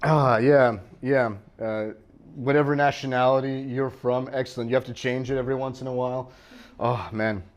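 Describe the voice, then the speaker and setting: A man's voice: mid-range voice, steady tone, normal speed. An American man performing a rambling, self-deprecating stand-up comedy set on a club stage, with chatty asides to the crowd.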